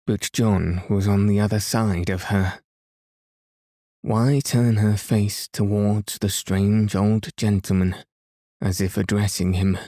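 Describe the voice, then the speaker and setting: Slow, deep-voiced man reading a bedtime story. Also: dry recording, clean studio sound. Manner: calm, gentle, unhurried. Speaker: podcast reader.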